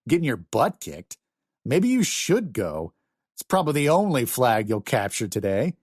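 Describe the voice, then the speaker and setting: A man's voice: medium pitch, very animated, moderate pace, dry recording, clean studio sound. A man voicing a mocking, playful eighteen-year-old male gamer in an audiobook. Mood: teasing. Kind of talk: audiobook character voice.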